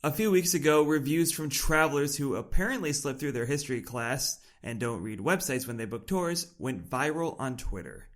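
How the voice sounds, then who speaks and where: A man's voice: fairly high pitch, animated, normal speed, few pauses. A man co-hosting a travel podcast from a small apartment kitchen, talking casually with dry, wry humor. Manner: wry, dry humor with self-aware asides. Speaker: podcast co-host. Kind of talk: conversational podcast talk.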